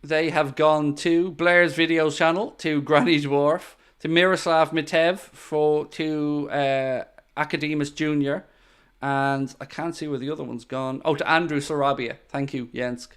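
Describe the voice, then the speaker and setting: A man's voice: a little high, flat delivery, measured pace, fairly bright tone, clear, resonant tone. A man hosting a live football watchalong, chatting casually, thanking viewers and giving tactical opinions. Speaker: football channel host.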